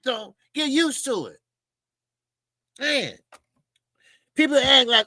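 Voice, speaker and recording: A man hosting a boxing talk show, ranting in loud, emphatic, mocking casual commentary with plenty of swearing. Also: very high voice, huge pitch swings, slow pace, pauses often, dry recording.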